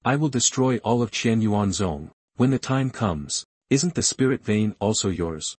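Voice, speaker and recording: A man voicing an enraged, grieving middle-aged father who yells for vengeance. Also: lowish voice, animated, measured pace, slightly rough, no room sound. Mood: desperate fury. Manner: yelling angrily.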